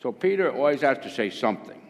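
Fervent older preacher in an echoing hall. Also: male voice, medium pitch, sing-song, fast talker, slight background noise. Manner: fervent, rising to emphatic exclamations. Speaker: pastor. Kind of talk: sermon. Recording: long hall reverb.

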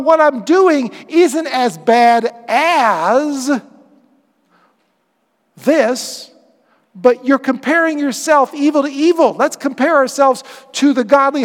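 Pastor guy preaching, kinda high voice, big swings loud to quiet, reverby church hall. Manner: dynamic preaching, swings from loud emphasis to hushed. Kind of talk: sermon.

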